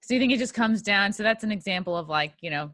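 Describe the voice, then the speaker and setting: Young woman podcast host, bright and forceful tone, probing but casual, dry sound. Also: mid-range voice, lively intonation, fast talker, dry recording. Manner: laughs often, asks probing questions. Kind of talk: casual interview chat. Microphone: video call.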